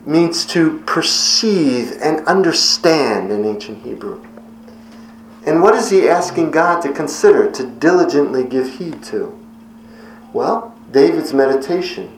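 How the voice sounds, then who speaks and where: A middle-aged man preaching a devotional sermon in an earnest, measured way, slowing on key words. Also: mid-range voice, slight background noise. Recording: echoey room with faint ambience.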